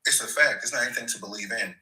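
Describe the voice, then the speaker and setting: A man's voice: medium pitch, very fast, sharp tone, poor audio. A male caller in a debate who talks casually and a little hesitantly.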